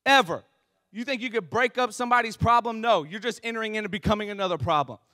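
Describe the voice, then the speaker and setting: A man's voice: sits high, fast, dry recording, studio quality. A young man preaching a sermon, telling funny stories and acting out the voices in them. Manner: animated, acts out voices in his stories. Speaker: pastor. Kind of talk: sermon with comic storytelling.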